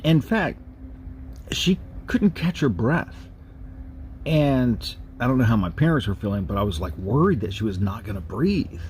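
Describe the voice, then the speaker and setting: A man telling a personal ghost story in a slow, measured, halting way, with pauses and restarts. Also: medium pitch, big pitch swings, a little mellow, slight background noise. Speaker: narrator of a paranormal recording series.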